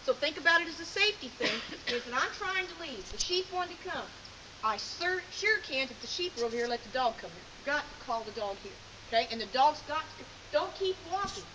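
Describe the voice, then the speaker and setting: A sheepdog training instructor with a high, animated voice coaches a hands-on lesson outdoors in a field. She talks a little fast, folksy and straightforward, issuing brief commands over a noisy background.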